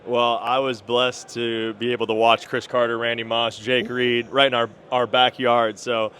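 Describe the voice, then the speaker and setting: A man's voice: medium pitch, flat delivery, moderate pace, a bit bright, slight background noise. A man in his thirties from Minnesota, with a Minnesota accent, answering interview questions in an easygoing, modest way with lots of ums. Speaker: NFL wide receiver, guest.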